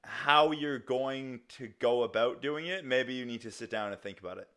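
A man's voice: medium pitch, moderate pace, pushed and bright. A young man hosting a casual solo podcast, rambling loosely with lots of fillers and restarts and some casual swearing. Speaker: podcast host.

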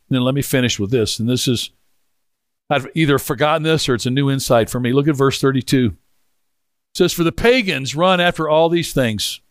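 A man preaching a sermon in a conversational way, with halting restarts, dropping lower when he reads scripture. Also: no room sound, clean studio sound. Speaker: pastor.

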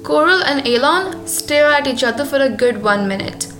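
A woman with a notably high voice reads scripted narration for an audio drama at a measured storytelling pace. Faint music runs beneath her. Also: animated, bright, forceful tone.

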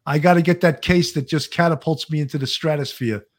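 A man's voice: a little high, brisk. A man, co-hosting a casual live-stream chat and reading out viewer comments. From Brooklyn, New York. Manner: chatty, reads viewer comments aloud. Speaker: co-host.

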